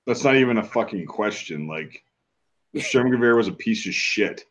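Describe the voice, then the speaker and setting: A man's voice: on the low side, lively intonation, moderate pace, fairly bright tone. A man hosting a casual chat, swearing freely and joking around. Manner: profane, joking, puts on mock voices. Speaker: host.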